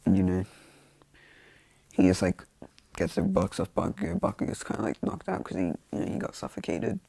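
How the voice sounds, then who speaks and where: A man's voice: low voice, wildly swooping pitch, normal speed, gravelly, dark tone, slightly rough, no echo. A man casually retelling a fan-made story in a loose, rambling way full of fillers.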